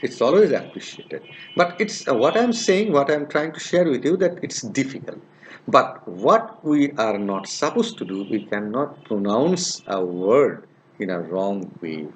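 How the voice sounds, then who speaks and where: Give me a male lecturer who talks slowly and repeats each example sound. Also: mid-range voice. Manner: slow and repetitive, repeats example sounds and words many times; hesitant, many "uh" fillers. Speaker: linguistics teacher. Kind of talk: recorded lecture.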